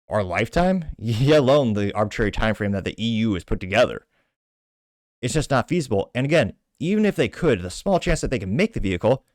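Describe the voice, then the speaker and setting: A man's voice: fairly low pitch, dry recording. Indignant man ranting in dry commentary. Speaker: show host. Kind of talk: political opinion commentary.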